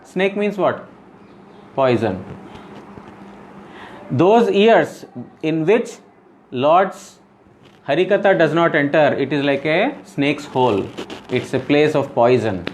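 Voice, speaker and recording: A man's voice: on the high side, lively intonation, slow pace, long pauses, slight background noise, low-quality recording. Man explaining scripture, quizzing listeners. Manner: repeats and rephrases for emphasis. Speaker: spiritual teacher. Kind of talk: scripture class.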